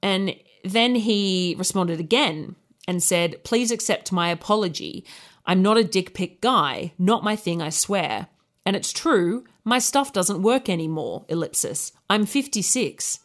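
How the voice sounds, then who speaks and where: A woman's voice: medium pitch, expressive, a little slow. A woman, co-hosting a podcast and telling a story in casual chat, candid and laughing often. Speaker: podcast co-host.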